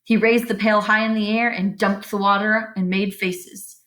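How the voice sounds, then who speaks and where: A woman reads a children's chapter book aloud with lively expression. Now and then she stops to explain the story to young listeners in a teacher-like way. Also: medium pitch, moderate pace.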